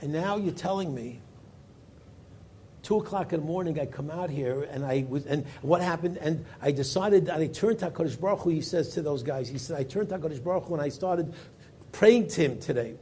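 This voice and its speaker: A rabbi tells a story to his Torah class. His husky voice sits fairly high, and he talks in a lively way, rising for emphasis and sinking low to quote people in the tale. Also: a little fast.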